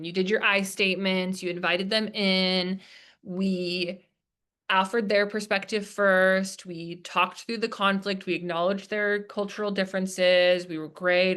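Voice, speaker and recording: A woman speaking to a workshop group in a relaxed lecture style. She talks chattily with frequent fillers and slips into little acted-out quotes while explaining. Her pitch sits in an ordinary middle range. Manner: chatty, with many fillers, acting out quoted lines. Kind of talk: casual lecture. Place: presentation room.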